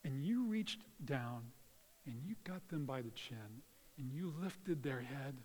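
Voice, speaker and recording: A man preaching a sermon in an earnest way, swinging from hushed, tender lines to loud emphasis. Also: medium pitch, expressive, takes it slowly, long reverb tail. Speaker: pastor.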